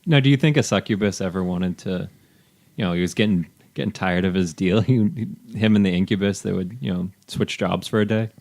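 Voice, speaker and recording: Male co-host, lowish voice, casual banter, crude wisecracks, swearing. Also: fairly quick, creaky, darkish tone. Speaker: guest co-host. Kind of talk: casual chat.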